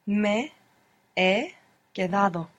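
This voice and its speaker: Slow, hesitant female language student. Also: mid-range voice, animated, lo-fi sound. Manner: slow, hesitant, piecing answers together. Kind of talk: answering in a language lesson.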